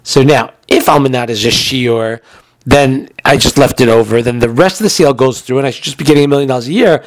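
A man's voice: medium pitch, quick pace, no room sound. A man giving a recorded halacha lesson in a chatty way, explaining with everyday examples, and he has the hiccups. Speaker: Torah teacher.

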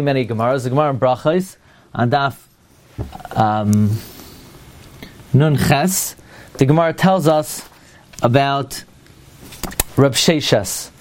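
A man's voice: a little high, a little mellow. Man giving a questioning Torah class. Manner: asks rhetorical questions, pauses to search for words. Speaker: Torah teacher.

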